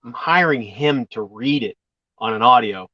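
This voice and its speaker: Jokey man with a lively voice. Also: medium pitch, normal speed, no echo, lo-fi sound. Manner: jokey, rambling with restarts. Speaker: guest YouTuber. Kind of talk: casual online chat.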